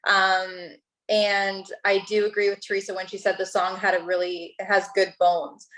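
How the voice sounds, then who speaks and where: Gentle female music judge. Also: mid-range voice, flat delivery, normal speed, low-quality recording. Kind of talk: critiquing a performance.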